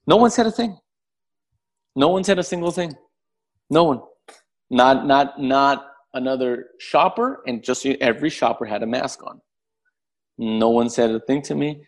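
A man, a podcast guest who tells a story in a casual, animated way, swearing freely and acting out the voices of the people in it. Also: mid-range voice, a little slow, long pauses. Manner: animated, profane, acts out voices in his story.

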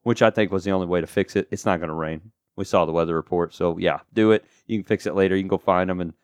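A man's voice: low-pitched, fairly even intonation, fast, clean tone, no echo. A man co-hosting a casual podcast chat, rambling with lots of asides and fillers. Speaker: podcast co-host.

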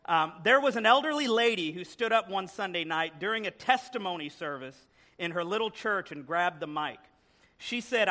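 Male guest preacher, high, bright, lively storyteller in church. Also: normal speed. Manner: animated storytelling with joking asides. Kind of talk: sermon. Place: church sanctuary.

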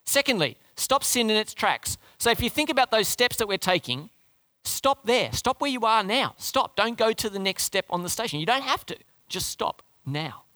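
A man's voice: high voice, big pitch swings, normal speed, bright, forceful tone, no room sound, clean studio sound. A man preaching a sermon, emphatic and asking the congregation rhetorical questions. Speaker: pastor.

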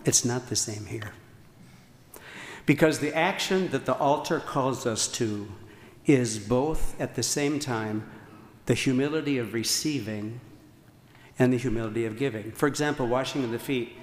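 A man's voice: mid-range voice, normal speed. A man, a priest, preaching a sermon with earnest emphasis and repeated phrases, now and then stumbling over fillers. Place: large church. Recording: echoey church hall, faint ambience.

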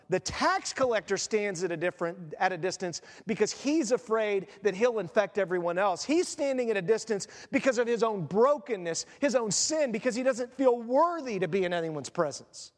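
A man with a high, bright voice delivers a sermon, joking and acting out the people in his stories. The sound carries a long reverb, as if recorded in a large church hall. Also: moderate pace, few pauses. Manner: animated, jokey, acts out quoted voices. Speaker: pastor.

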